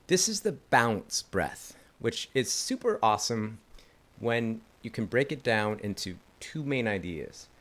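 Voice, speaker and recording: A man's voice: on the low side, big pitch swings, a little slow, a bit bright. A man teaching a didgeridoo lesson in a casual, enthusiastic way, chatting and laughing at his own slips. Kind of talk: casual instructional talk.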